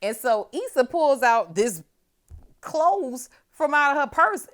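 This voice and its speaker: A woman hosting a casual TV episode recap, animated and chatty and swearing freely. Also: high-pitched, takes it slowly. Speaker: host of a TV recap show.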